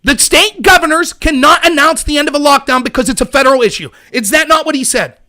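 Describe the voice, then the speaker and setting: A show host with a very high-pitched, pushed and bright voice rants heatedly and sarcastically on a political livestream, speaking quickly as he argues with viewers in his chat.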